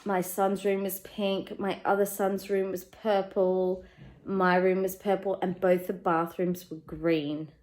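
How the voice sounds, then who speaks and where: Chatty Australian mum vlogging from home. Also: female voice, mid-range voice, little pitch movement, slow pace, low-quality recording. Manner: candid and chatty, turns quiet and emotional about parenting. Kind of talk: casual chatty life update. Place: at home, in her living room.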